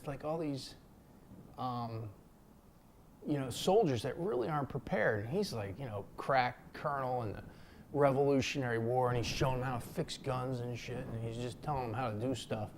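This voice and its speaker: Here the same kind of loose, off-the-cuff camera talk comes from a male vlogger from Philadelphia, USA, whose medium-pitched voice carries a bit of hiss or hum. He drifts from thought to thought, peppering his speech with fillers, slang and some swearing, and raises his voice to perform the quotes in his stories.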